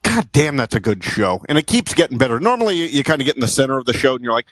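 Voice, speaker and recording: A man's voice: medium pitch, very animated, racing, few pauses, a bit bright, no room sound, poor audio. Profane, rambling podcast co-host man. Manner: profane, rambling, restarts often. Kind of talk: casual chat.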